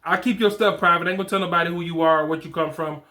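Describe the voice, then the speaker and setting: A man's voice: a little high, steady tone, racing, bright, forceful tone. A man in his forties giving blunt fatherhood advice in casual slang, repeating his points for emphasis. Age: 40s. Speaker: fatherhood coach. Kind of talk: advice talk to camera.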